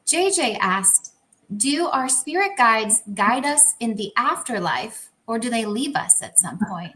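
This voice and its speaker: A woman co-hosting a spiritual Q&A, speaking in a measured, slightly hesitant way as she reads out viewers' questions. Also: on the high side, very animated, sharp tone, a little hiss or hum, low-quality recording. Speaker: co-host. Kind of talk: casual talk, reading out questions.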